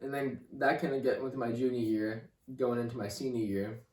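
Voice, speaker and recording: Halting young man giving a testimony. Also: mid-range voice, fairly even intonation, darkish tone, distant mic. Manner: halting, repeats words, leans on "like" and "you know". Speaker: podcast guest. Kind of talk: personal faith testimony. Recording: roomy room, voice off-mic.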